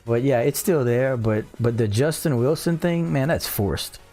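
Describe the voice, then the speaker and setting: Warm and medium-pitched, this Cajun-accented voice moves at a measured pace over soft music. The speaker is a South Louisiana man in his thirties casually livestreaming from home into a boom studio mic, reading the chat aloud and drawling "y'all" in a relaxed way.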